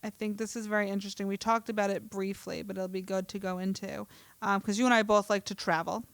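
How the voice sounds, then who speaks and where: A woman's voice: medium pitch, little pitch movement, fast talker, creaky, no room sound. A woman from New Jersey co-hosting a casual podcast, chatting and reading an article aloud with small stumbles and easy laughs. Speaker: podcast co-host.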